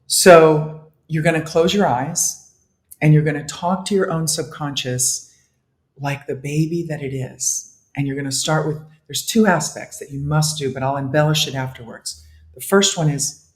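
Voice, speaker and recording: A man with a fairly high voice speaks at a moderate pace in a casual interview about his work as a detox specialist. The room echoes, and he talks animatedly, laughs frequently, and voices his own inner thoughts aloud.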